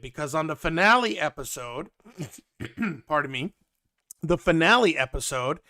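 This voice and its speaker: Man, high voice, gravelly, bright, sarcastic gossip recap, dry close sound. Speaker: host. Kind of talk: casual reality-TV recap.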